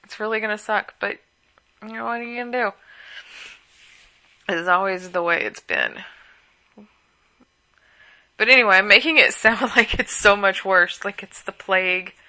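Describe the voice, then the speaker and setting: A woman's voice: medium pitch, normal speed, long pauses, pushed and bright. A woman hosting a podcast at home late at night, sleepy and worn out, rambling casually through asides. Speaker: podcast host.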